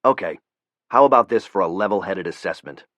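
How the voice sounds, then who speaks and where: A man's voice: low voice, lively intonation, fairly quick, a bit bright, dry recording. A man voicing a blunt, furious male CIA operative who curses and speaks with cold anger. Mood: cold fury.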